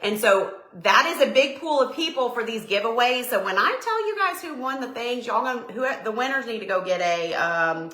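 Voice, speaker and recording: A woman's voice: a little high, lively intonation, normal speed, hardly any pauses, pushed and bright. Bubbly Southern woman live-streaming. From Tennessee, USA. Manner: bubbly, chatty, greets viewers by name. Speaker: decor business owner hosting a live stream. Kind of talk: casual live-stream chat. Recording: echoey room.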